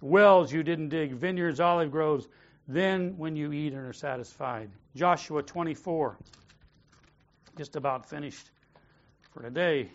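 Man preaching a lively sermon, lo-fi. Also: on the high side, measured pace. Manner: rhetorical questions, calls on the congregation to repeat phrases. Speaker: pastor. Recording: dull lo-fi sound.

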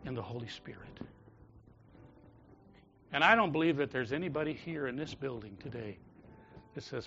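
A pastor preaching a sermon in a church, rising to loud calls and dropping to soft, prayerful tones. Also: male voice, medium pitch, expressive, moderate pace, pauses often, lo-fi sound, soft background music. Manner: swings from loud exhortation to soft intimate prayer. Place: church sanctuary.

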